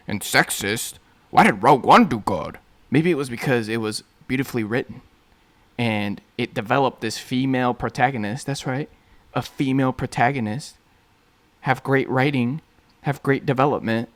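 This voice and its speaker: A man ranting profanely as an online commentator, swearing heavily and leaning on "bro" and "like". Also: mid-range voice. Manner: heavy swearing, lots of "bro" and "like".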